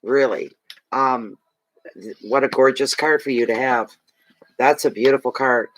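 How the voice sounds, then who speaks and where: A man's voice: mid-range voice, unhurried, fairly bright tone, no room sound, rough recording. A man giving a tarot card reading to a client, speaking emphatically and repeating key phrases to reassure her. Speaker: tarot reader.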